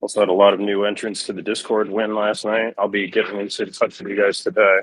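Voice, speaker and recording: A man's voice: on the low side, little pitch movement, quick pace, dry recording, rough recording. A man hosting a live crypto trading stream, chatting casually and joking wryly with a co-host. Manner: joking, chatty, wry asides. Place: inside a pharmacy store.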